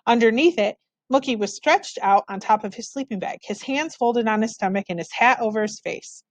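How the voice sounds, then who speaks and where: A woman's voice: fairly high pitch, expressive, normal speed, no echo. A woman reading a children's novel aloud, narrating expressively in the first person. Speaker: storybook reader.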